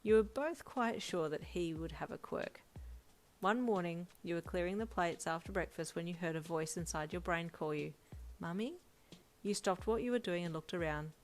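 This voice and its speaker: A woman's voice: fairly low pitch, moderate pace, slight background noise. Woman narrating a fanfic story. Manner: expressive, lively storytelling. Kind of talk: second-person story narration.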